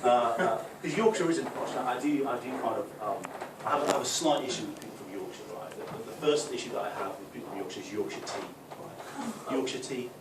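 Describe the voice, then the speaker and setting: A young man from the North East of England with a softened Geordie accent, doing a chatty stand-up routine. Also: mid-range voice, fast talker, hardly any pauses. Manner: chatty, with tag questions; loud put-on voices for punchlines. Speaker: stand-up comic. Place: club function room. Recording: echoey room, distant, noisy.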